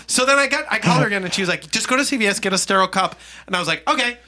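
A man's voice: high voice, racing. A man co-hosting a casual podcast, telling a funny story with laughs and acted-out dialogue. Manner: animated, laughing, acts out dialogue. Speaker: podcast co-host.

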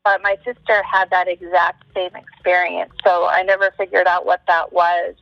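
A woman tells a personal story in a relaxed, thoughtful way. Her sound is dull and lo-fi, dry with no room around it, and faint music plays beneath her. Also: on the low side, normal speed, creaky, dry recording. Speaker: podcast guest, psychic. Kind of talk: casual storytelling.

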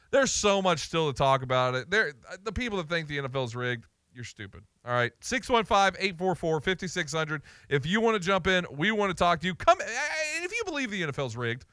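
Excitable high-voiced sports radio host. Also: male voice, no echo, clean studio sound. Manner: excitable, blunt.

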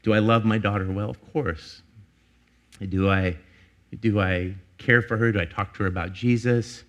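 A middle-aged man preaching a sermon as pastor, earnest and confessional, climbing to emphatic peaks and dropping low and personal. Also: steady tone, moderate pace, a bit bright.

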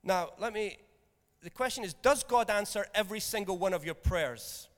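Pastor preaching in a reverberant hall. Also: male voice, sits high, animated, normal speed. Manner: conversational, jokey, checks in with "okay?". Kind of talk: sermon. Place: church hall.

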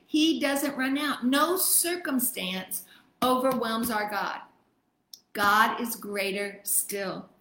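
A woman's voice: mid-range voice, a bit bright, roomy sound, poor audio. A woman leading a Bible study, reading scripture aloud and urging her listeners on by name with emphatic encouragement.

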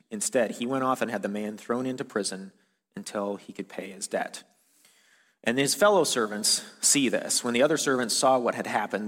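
A man's voice: lowish voice, fairly bright tone. Casual-sounding male preacher in reverberant hall. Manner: casual, conversational preaching with many fillers. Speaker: pastor. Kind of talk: sermon. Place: church hall.

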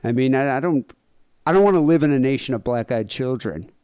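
A man's voice: medium pitch, expressive, fairly quick, a little mellow, clear, resonant tone, no echo. A man co-hosting a podcast in casual comedic chat, rambling with lots of fillers and jokey asides. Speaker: podcast co-host.

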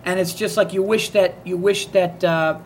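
A man with a high voice hosts a podcast, telling stories in casual chat at normal speed. He's animated, laughs often and acts out the people he quotes, with slight background noise behind him.

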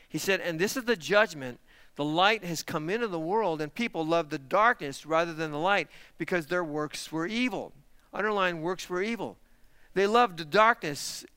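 A man's voice: sits high, sharp tone, clean tone, dry recording. A man, a pastor, preaching a sermon with emphatic rhetorical questions and direct appeals to the congregation. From parents lived in Texas.

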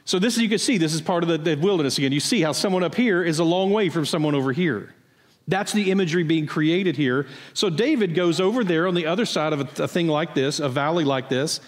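A man's voice: on the high side, brisk. Man preaching in a reverberant church. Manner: explanatory, conversational preaching with pointed questions. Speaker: pastor. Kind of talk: sermon. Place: church sanctuary.

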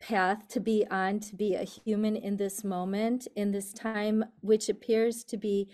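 A woman answers questions as an interview guest and talks in a calm, reflective manner. She speaks very slowly and takes her time between thoughts. Her voice has a mellow, warm tone. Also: mid-range voice. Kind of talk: interview conversation.

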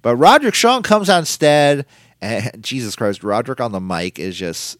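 A man's voice: medium pitch, expressive, moderate pace, a bit bright, no echo, studio quality. A man hosting a casual solo podcast, recapping events in a rambling, opinionated way. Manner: rambling and opinionated, quotes people in put-on voices. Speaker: podcast host recapping wrestling.

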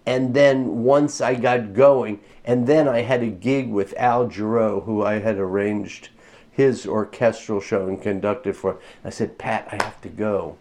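A male orchestrator and composer, a guest in an interview, telling casual stories with lively acted-out quotes. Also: on the low side, measured pace. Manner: animated anecdotes, acts out quotes with laughter.

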